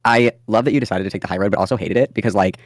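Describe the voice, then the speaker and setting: A man calling into a stream, loud and mocking, swearing as he roasts someone. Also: on the low side, rapid-fire, no echo, clean studio sound. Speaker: caller. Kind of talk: casual chat.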